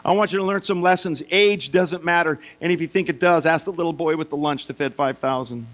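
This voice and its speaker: High-voiced animated man preaching. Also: fairly quick. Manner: lively storytelling, acts out voices for biblical figures. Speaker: pastor. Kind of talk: sermon.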